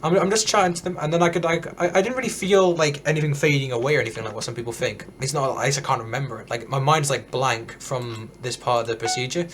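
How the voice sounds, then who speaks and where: Fast-talking teen gamer. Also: male voice, mid-range voice, a bit bright, a little hiss or hum. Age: teens. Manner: rambling, many restarts and fillers. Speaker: gaming streamer. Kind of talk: casual storytelling while gaming.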